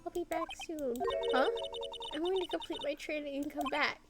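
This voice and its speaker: A youthful, heartfelt young spirit medium from a story game, as a woman reads her part. Her voice is high and earnest. Music plays softly behind her. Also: moderate pace. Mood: sincere. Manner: emotional, youthful and sincere.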